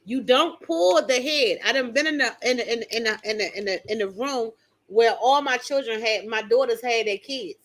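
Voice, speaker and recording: A woman's voice: on the high side, moderate pace. Older woman hosting a live stream, emphatic and talking straight to viewers. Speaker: channel host reading viewer comments. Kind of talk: casual live-stream chat.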